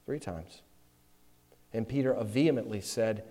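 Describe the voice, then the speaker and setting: A man preaching a sermon, moving between loud, emphatic passages and quiet, close asides. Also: medium pitch, big pitch swings, moderate pace. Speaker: pastor. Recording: long hall reverb.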